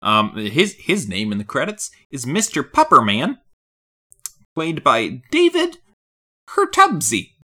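On a casual film podcast, this co-host speaks slowly with a voice of medium pitch. He's lively but dry, joking in a wry, deadpan manner.

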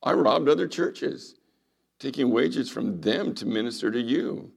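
A pastor preaches a sermon in a gravelly, mid-range voice, unhurried and with lively intonation. He retells scripture stories dramatically, dropping to a hush for quoted lines.

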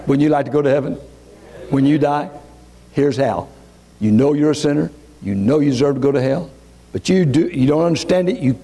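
A pastor preaching a sermon with passion, swinging from raised, urgent lines to hushed, low prayer, repeating and restarting words as he builds.

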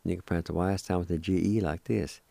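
A man hosting a radio language lesson, spelling and pronouncing each word slowly and patiently, repeating it several times. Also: sits low, fairly even intonation, gravelly, warm tone, no room sound. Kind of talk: slow spelling and pronunciation lesson.

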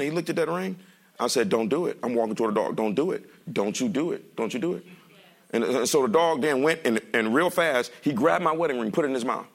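A male pastor preaching a sermon in a lively, joking way, speaking straight to the congregation. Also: on the high side, vocal fry. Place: church sanctuary.

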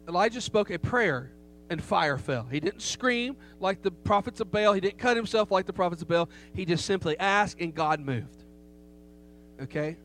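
A middle-aged man preaches in a high, light voice, telling a story with emphasis. He keeps turning to the congregation with rhetorical questions. A faint hum runs under the recording. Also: lively intonation, moderate pace, a bit bright. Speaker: pastor. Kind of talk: sermon with storytelling.

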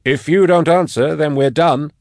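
Male narrator reading an awkward, rattled scholar; halting, hushed, trying to stay calm. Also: on the high side, gravelly, no echo, studio quality, voice pushed up. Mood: warning. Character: nervous bookish man, awkward and rattled. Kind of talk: audiobook character voice.

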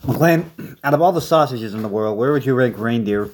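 A man trades comedic banter in a dry, deadpan way, dropping into a low, even voice for mock-serious lines. His delivery stays flat and understated, which lets the jokes land without any push. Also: fairly quick, a little hiss or hum.

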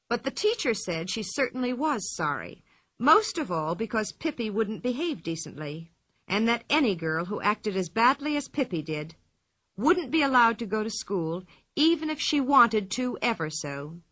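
A woman reading a children's story aloud with an expressive, clear delivery. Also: fairly high pitch, moderate pace, dry recording. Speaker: narrator.

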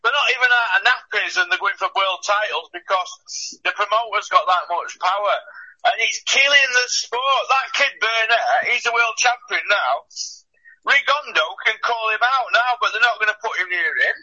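A man with a husky voice, ranting bluntly about boxing in casual radio chat, swearing and scoffing. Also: sits high, normal speed, sharp tone, dull audio. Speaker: boxing pundit.

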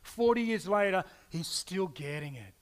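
A man preaching a sermon, telling stories in an animated way and acting out quotes with playful asides. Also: sits high, normal speed. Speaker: pastor.

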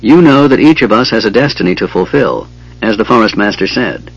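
A man voicing a noble warrior woman who speaks gently but firmly, often in a hushed voice, in a fantasy audiobook. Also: on the low side, expressive, fairly quick, slightly rough, lo-fi sound. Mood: resolute.

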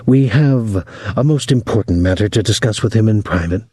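A man's voice: fairly low pitch, moderate pace, dark tone, breathy edge, no room sound. A man voicing a burly priest with a round, assured voice. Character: burly, red-faced priest, assured middle-aged man.

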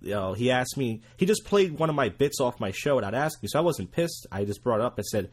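A man's voice: medium pitch, big pitch swings, fast, slightly rough. A man guesting on a podcast in casual chat, wry and storytelling.

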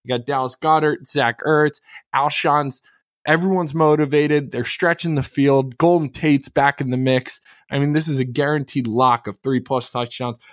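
A man talking up his sports bets with brash confidence. His voice sits in an everyday middle pitch, and he calls each pick a guaranteed lock in a loose, chatty way. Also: moderate pace. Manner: boastful, animated. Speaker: sports betting co-host. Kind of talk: casual sports betting talk.

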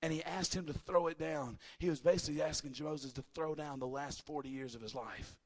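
A man preaching a sermon as pastor, animated, swinging from loud shouts to quiet, casual asides. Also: a little high, fairly quick. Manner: casual, chatty asides with laughter.

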